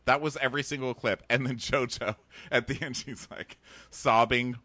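A man's voice: medium pitch, fairly even intonation, normal speed, sharp tone, dry recording. A man co-hosting a podcast, chatting casually and acting out quotes in exaggerated voices. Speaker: podcast co-host. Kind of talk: casual chat recapping a TV show.

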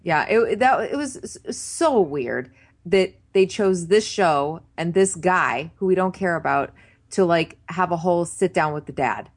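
A woman's voice: on the low side, animated, measured pace. A woman co-hosting a casual chat, wryly recapping a show and acting out quotes. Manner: wry, chatty, acts out quotes. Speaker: podcast co-host.

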